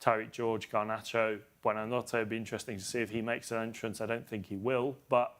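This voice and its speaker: A man's voice: fairly low pitch, flat delivery, brisk, a bit bright. A man talking as a football pundit, thinking aloud with hesitant restarts as he breaks down tactics. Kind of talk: football analysis chat.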